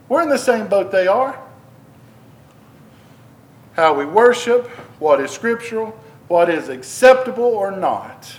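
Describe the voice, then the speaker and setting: A man's voice: high voice, expressive, normal speed. A man preaching a sermon, earnest, with repeats and restarts that build into emphatic bursts. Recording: echoey room.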